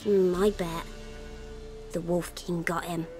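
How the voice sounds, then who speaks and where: A woman's voice: on the low side, level tone, slow, darkish tone. An actress voicing a curious, blunt little village girl in a video game, asking inquisitive questions. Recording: game music playing behind.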